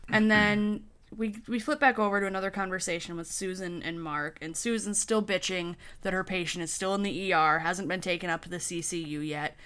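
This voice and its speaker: A woman co-hosting a podcast, recapping a TV episode in an animated, wry way and acting out the characters' lines. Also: on the low side, brisk, hardly any pauses, clear, resonant tone. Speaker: podcast co-host. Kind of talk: casual episode recap chat.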